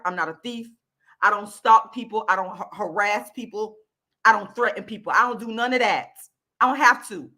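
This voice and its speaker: Bright-voiced woman ranting on camera. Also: a little high. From Florida, US. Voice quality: loud, profane, repetitive emphatic delivery. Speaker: YouTube channel host. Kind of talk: angry direct-to-camera rant.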